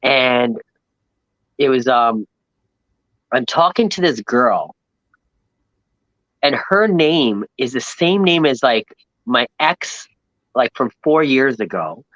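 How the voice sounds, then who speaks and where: A man from Long Island, telling a rambling, animated travel story as a podcast guest and acting out the people he met. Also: medium pitch, slow, pauses often, no echo, dull audio. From New York, Long Island. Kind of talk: casual storytelling chat.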